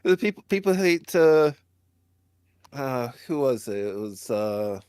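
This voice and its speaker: A man's voice: medium pitch, sing-song, a little slow, darkish tone, smooth, no room sound. A man in casual podcast chat, recalling a story in a rambling, hesitant way.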